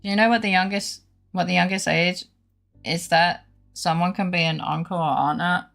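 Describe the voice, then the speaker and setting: Woman streamer, bright tone, rambling storyteller, faint music underneath. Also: lowish voice, normal speed, creaky. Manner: rambling animated storytelling, laughing. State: unwell with brain fog. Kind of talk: casual chat with live chat.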